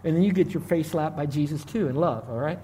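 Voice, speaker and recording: A man preaching a Bible sermon, animated, with big swings in loudness. He acts out Bible dialogue in slow, drawn-out voices. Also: a little high, slight background noise. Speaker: pastor.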